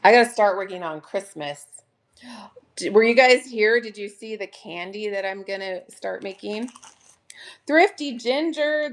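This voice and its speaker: Slow, gushing woman selling crafts live. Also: medium pitch, animated. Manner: chatty, gushing, addresses viewers as "you guys". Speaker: online live-sale seller. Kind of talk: casual live-stream selling chat. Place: at home.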